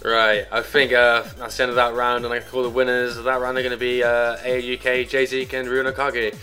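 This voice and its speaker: A man's voice: medium pitch, brisk, soft background music. A man hosting game rounds in a casual podcast chat, laughing often as he talks. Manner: giggly, lively, often laughing. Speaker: host running game rounds.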